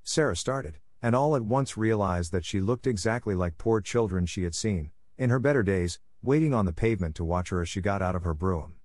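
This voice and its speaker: A man narrating a classic novel as an audiobook, steady and even. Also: lowish voice, brisk, few pauses, no room sound.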